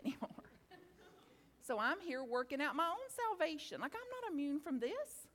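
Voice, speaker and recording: A woman giving a spiritual talk to a live audience, playful and teasing, with stretches of slow, hushed guided reflection. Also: very high-pitched. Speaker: spiritual teacher. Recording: long hall reverb.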